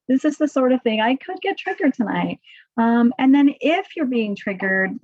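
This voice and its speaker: A woman giving a relaxed webinar talk on handling emotions, full of "like" and "right?". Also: on the high side, no room sound, dull audio. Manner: conversational, filler-heavy, says "right?" and "like" often. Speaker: presenter on coping with emotions in research.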